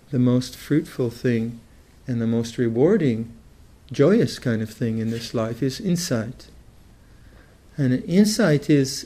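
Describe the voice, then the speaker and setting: An older man teaching meditation in a mellow, relaxed voice, thinking aloud as he goes. He starts phrases over and over before settling into his point, in the unhurried manner of a dharma talk. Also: mid-range voice. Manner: thoughtful, halting, with many restarts.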